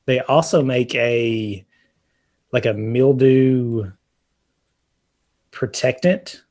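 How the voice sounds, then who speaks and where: Very slowly, in a mid-range voice that's a little mellow with fairly even intonation, the podcast co-host discusses roofing. The home-repair chat is casual and drawn out, heavy on fillers and restarts.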